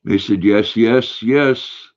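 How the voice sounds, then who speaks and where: Rambling grandpa. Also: male voice, fairly low pitch, highs cut off. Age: older. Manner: rambling, halting, reads viewer comments aloud. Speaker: livestream host reading chat. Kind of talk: casual livestream chat.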